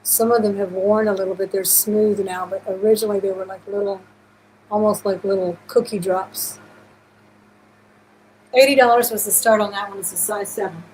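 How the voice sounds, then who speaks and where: A woman's voice: medium pitch, fairly even intonation, moderate pace, a little mellow, a little hiss or hum, poor audio. A woman hosting a live-stream jewelry auction, chatting casually and gushing thanks to her viewers.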